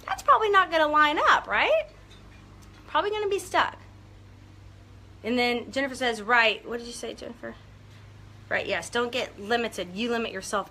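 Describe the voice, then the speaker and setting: A woman business coach talking casually and excitedly to viewers on a live video and calling out their names. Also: a little high, moderate pace, pauses often. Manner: upbeat, gushing, talks to viewers by name.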